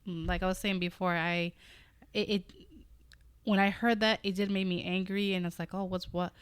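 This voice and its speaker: A woman hosting a podcast, chatting casually, supportive and quick to laugh and agree. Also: fairly low pitch, level tone, smooth, dry recording. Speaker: podcast host. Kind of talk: casual chat.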